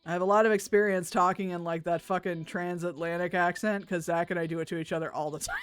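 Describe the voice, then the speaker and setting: A woman's voice: on the low side, steady tone, fast talker, clear, resonant tone, faint music behind. A woman streaming a game, chatting casually and reading the characters' lines aloud in put-on voices. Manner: chatty, laughs often, puts on voices for characters.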